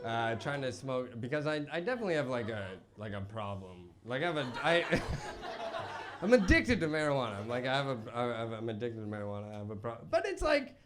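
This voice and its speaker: On a basement club stage, a young man jokes at his own expense into a handheld mic, rambling with fillers and restarts. His mid-range voice swings widely in pitch, runs a little fast, and sounds a bit bright. Audience laughter and slight background noise come through the live recording.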